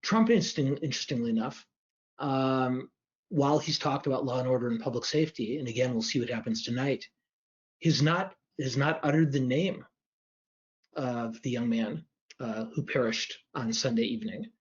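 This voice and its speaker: A man, a politics professor, giving measured analysis and answering audience questions on a livestream, hedging carefully and restarting phrases. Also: mid-range voice. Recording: dull lo-fi stream audio.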